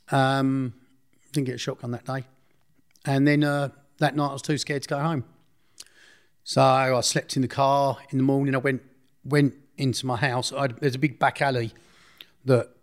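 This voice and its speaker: A man recounting a personal story in an interview, blunt and slangy, often restarting his sentences. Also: medium pitch.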